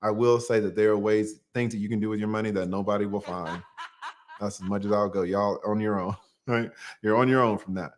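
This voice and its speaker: A man's voice: fairly low pitch, steady tone, a little fast, slight background noise. A man hosting a livestream, joking and laughing often as he reads viewer super chats aloud in casual chat.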